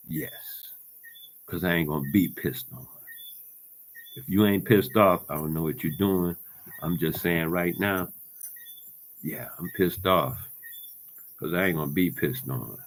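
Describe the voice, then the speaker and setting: A man rants straight to camera in a heated, profane monologue. His voice sits fairly low but comes out forceful and tense, lurching from loud outbursts to low, muttered asides. He repeats phrases as he works himself up. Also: a little hiss or hum. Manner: heated, profane, emphatic ranting. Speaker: vlogger.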